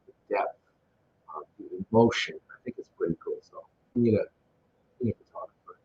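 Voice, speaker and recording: An enthusiastic man with a fairly low voice talks through a slideshow of event photos in a loose, rambling way, full of fillers and asides. The recording sounds dull and lo-fi, with a faint hiss underneath. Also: darkish tone. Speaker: organizer narrating event photos. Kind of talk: casual photo slideshow commentary.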